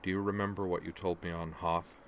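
A man voicing a female Vulcan officer in an audiobook reading, her voice low, monotone and almost mechanical, measured and controlled. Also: creaky, a little hiss or hum. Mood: flat. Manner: measured, rising into savage anger.

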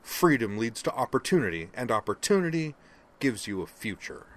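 A man's voice: mid-range voice, big pitch swings, normal speed, voice pushed up, close to an everyday voice. A man voicing an earnest, expansive human man in an audiobook reading, rambling and emotional.

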